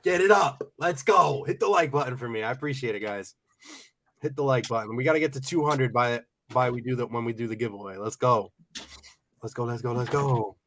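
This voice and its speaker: Playful stream host with a stuffy nose. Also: male voice, medium pitch, brisk, fairly bright tone, a little hiss or hum. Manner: playful, hyped, laughs often. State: nasal from a cold. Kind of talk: casual live stream chat.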